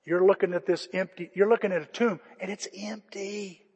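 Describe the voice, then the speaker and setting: A male pastor preaching a sermon, impassioned, swinging from loud calls to hushed pleas. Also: sits high, steady tone, normal speed, slightly rough. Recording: echoey church hall.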